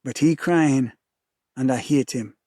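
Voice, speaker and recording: A man's voice: medium pitch, unhurried, dark tone, no room sound, clean studio sound. A man with a Jamaican accent giving an intense, rhythmic first-person dramatic reading.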